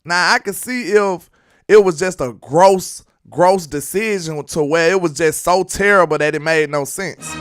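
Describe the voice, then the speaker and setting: A man's voice: fairly high pitch, a little slow, clean tone. Chatty man hosting a sports stream. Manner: chatty, reads and answers chat comments. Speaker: sports live-stream host. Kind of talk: casual sports commentary livestream. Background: hip hop beat playing.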